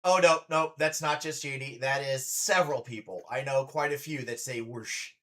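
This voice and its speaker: A man's voice: mid-range voice, moderate pace, fairly bright tone. A man, a drag performer, hosting a casual reaction stream with chatty, playful teasing.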